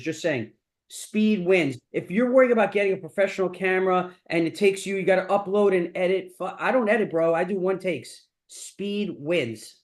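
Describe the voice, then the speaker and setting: A man's voice: high-pitched, normal speed, a little mellow. Blunt, profane motivational man. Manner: blunt, profane, repeats catchphrases. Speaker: mastermind host. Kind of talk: motivational talk.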